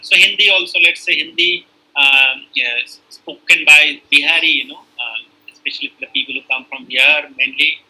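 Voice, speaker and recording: A man's voice: on the high side, pushed and bright, poor audio. A middle-aged man giving an online lecture, explaining step by step with many fillers and restarts.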